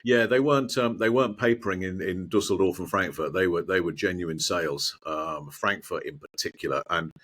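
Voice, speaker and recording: A middle-aged man, a guest in a conversation, telling animated anecdotes with mild swearing and frequent restarts. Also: deep voice, fairly quick, hardly any pauses, slightly rough. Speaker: guest, former sports broadcaster.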